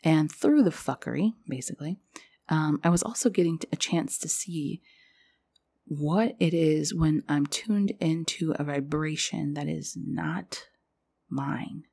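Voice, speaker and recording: Podcast host: young woman, low gravelly voice, loose confessional rambling. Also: measured pace, mellow. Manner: rambling, confessional, heavy use of "like". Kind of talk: casual spiritual podcast monologue.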